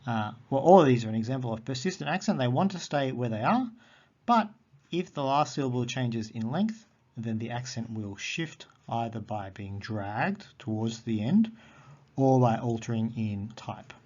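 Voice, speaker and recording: Male teacher, mid-pitched, patient and repetitive, on a dull lo-fi recording. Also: lively intonation, a little mellow. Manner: patient explaining, repeats words slowly. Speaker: Greek teacher. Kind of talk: recorded grammar lesson. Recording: dull lo-fi audio.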